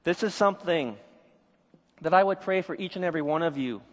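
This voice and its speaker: A man's voice: fairly high pitch, fairly quick, long reverb tail. A middle-aged male pastor giving a sermon with a candid personal testimony, acting out the voices of people he quotes. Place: church.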